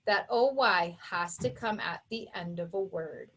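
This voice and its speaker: In a mid-range, somewhat bright voice, a teacher leads children through a recorded phonics lesson step by step. She is patient and pronounces each sound carefully.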